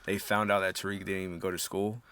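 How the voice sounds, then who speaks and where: Excitable young podcast guy, low voice. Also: fast talker, smooth, no echo. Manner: animated retelling with acted-out quotes, swearing, laughing. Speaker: podcast co-host. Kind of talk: casual chat.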